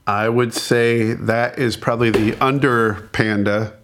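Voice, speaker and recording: A man's voice: medium pitch, steady tone, a little slow, fairly bright tone, a little hiss or hum. A married man co-hosting a podcast in casual chat, joking and self-deprecating with frequent restarts. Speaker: podcast co-host.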